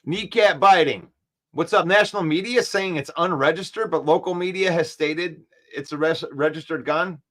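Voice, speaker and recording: High-voiced, excitable sports-talk man. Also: normal speed. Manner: excitable, trash-talking, repeats himself. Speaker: sports show host.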